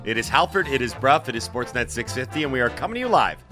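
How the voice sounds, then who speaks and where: A man hosting a morning sports radio show in a studio, talking in a quick, joking and upbeat way. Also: medium pitch, expressive, over music. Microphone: studio broadcast microphone.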